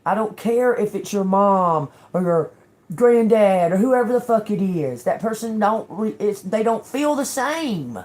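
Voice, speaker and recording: A woman's voice: mid-range voice, animated, a little slow, darkish tone. A woman giving a casual tarot reading to her viewers, blunt and emphatic, cursing freely and often checking in with "okay?". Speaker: tarot reader.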